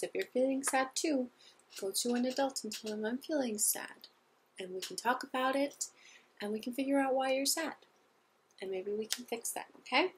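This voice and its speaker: A woman teacher giving a gentle, patient lesson to young children, asking them simple questions. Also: fairly high pitch, slightly rough.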